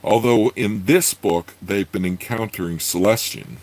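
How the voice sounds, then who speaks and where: A man reading a fantasy novel aloud, with unhurried asides full of fillers. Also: fairly low pitch, a little mellow, rough recording. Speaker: reader.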